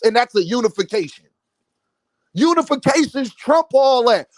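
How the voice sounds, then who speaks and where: A man with a high voice delivers opinionated boxing commentary. He speaks emphatically and addresses his audience directly. The sound is close and dry, with no room around it. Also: no echo. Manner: emphatic, talks straight to his viewers.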